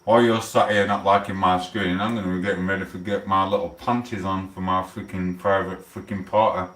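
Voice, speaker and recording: A man with a Sheffield accent, chatting casually on a live stream, rambling and swearing with loud outbursts. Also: low-pitched, flat delivery, a little fast, echoey room, recorded from a distance, slight background noise. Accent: Sheffield, South Yorkshire. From England.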